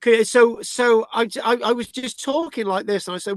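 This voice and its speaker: A man's voice: very high-pitched, normal speed, few pauses, no room sound. Rambling British man explaining a site plan. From Britain. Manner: rambling, with restarts and tag questions. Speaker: archaeology presenter.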